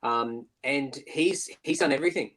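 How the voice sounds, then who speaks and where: A man's voice: medium pitch, normal speed, a bit bright, rough recording. A man, a band member, chatting casually in an interview over a video call, with many fillers and restarts. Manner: chatty, lots of fillers and restarts, mimics bandmate. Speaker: musician guest.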